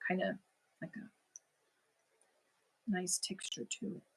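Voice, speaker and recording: A woman's voice: lowish voice, sing-song, slow pace, creaky, a bit bright, breathy edge. A woman with a German accent, a native German speaker, chatting casually with viewers as host of a crochet livestream, answering comments and laughing at herself.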